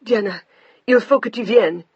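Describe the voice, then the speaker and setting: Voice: mid-range voice, moderate pace, a little mellow, breathy edge, no room sound, dull audio, pitched above the performer's own voice, natural voice. A narrator voicing an older French woman, a stern, grieving mother-in-law with a French accent and clipped, formal English. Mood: wailing.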